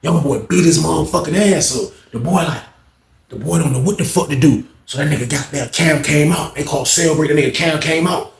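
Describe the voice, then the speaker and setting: A man telling a story in casual slang, animated and acting out other people's voices. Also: on the high side, brisk, vocal fry, echoey room.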